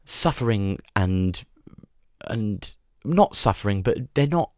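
A man hosts a podcast with a rambling comic monologue that digresses, stumbles into restarts and is full of swearing. His fairly low voice is expressive and slow. The studio-quality recording has no echo.

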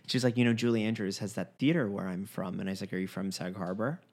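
Animated man telling a story. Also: fairly low pitch, fast. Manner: animated storyteller, acts out quoted dialogue, frequent restarts. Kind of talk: casual conversation, storytelling.

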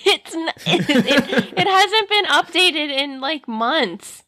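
A woman's voice: sits high, lively intonation, slow pace, bright, forceful tone. A young woman as a podcast guest in casual chat, playful and teasing. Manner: teasing, playful, laughs often.

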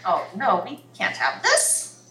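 A woman's voice: mid-range voice, huge pitch swings, slow, sharp tone, heavily acted. A woman voicing an elderly female halfling adventurer, blunt and teasing. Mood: resolute. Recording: echoey, distant mic, faint noise.

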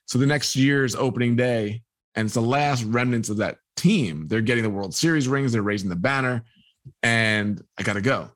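Animated New man telling a story. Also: mid-range voice, moderate pace, dry recording. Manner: animated storyteller, acting out voices of people in the story. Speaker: guest. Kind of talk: storytelling in a podcast conversation.

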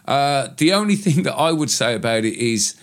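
A man's voice: mid-range voice, expressive, moderate pace. A British man co-hosting a casual podcast chat, explaining things at length in a rambling, matter-of-fact way. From Britain. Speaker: co-host.

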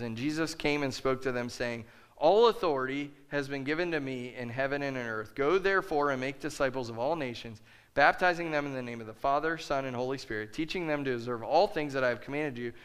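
A man's voice: medium pitch, fairly bright tone, clean tone. A man pastor preaching a sermon with emphatic, repeated phrases.

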